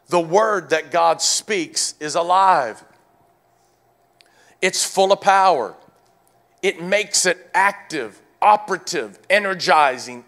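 High-voiced preaching pastor, calling to the church. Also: male voice. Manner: preaching with rising shouts and quiet stretches; calls out to the congregation. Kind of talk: sermon.

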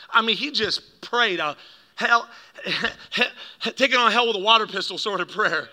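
A man preaching a sermon to a congregation, telling a family story with lively acted-out quotes and laughter at his own jokes. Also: sits high, measured pace. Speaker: pastor.

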